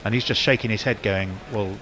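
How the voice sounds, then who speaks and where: A man's voice: on the low side, expressive, normal speed, fairly bright tone, a little hiss or hum. A man doing ball-by-ball cricket commentary in a wry, chatty, wordy way.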